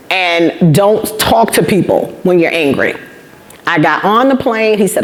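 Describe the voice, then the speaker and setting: A woman's voice: lowish voice, moderate pace. A woman in her fifties giving a motivational talk to students, telling stories with emphatic repetition and acting out the dialogue. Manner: animated storyteller, acts out quoted dialogue. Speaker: guest speaker.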